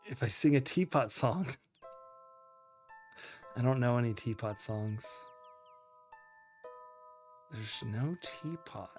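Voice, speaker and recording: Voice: mid-range voice, extremely slow, long pauses, a little mellow, faint music behind. A streamer giving live commentary on a game, ranting in annoyance and laughing at the puzzles. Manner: exasperated, laughing rants.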